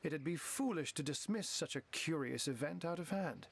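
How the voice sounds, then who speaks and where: A theatrical cat-wizard from a fantasy game, witty and genteel, who wraps every line in feline wordplay. His voice sits high and swoops widely, and he savours each flowery phrase. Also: expressive, moderate pace, gravelly, breathy edge, exaggerated voice. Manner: flowery, playful, full of cat puns. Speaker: game character.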